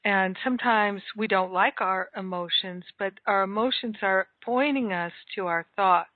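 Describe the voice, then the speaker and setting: A woman's voice: mid-range voice, normal speed, dry recording. Woman telling a story over a phone line. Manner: warm reflective storytelling with fillers. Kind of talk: casual spiritual conversation. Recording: tinny phone line, dry.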